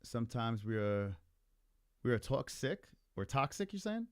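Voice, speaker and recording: Animated, rambling male streamer. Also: medium pitch, unhurried, no room sound, studio quality. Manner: profane, rambling, heavy on filler words. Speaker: livestream host. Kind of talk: casual argumentative stream chat.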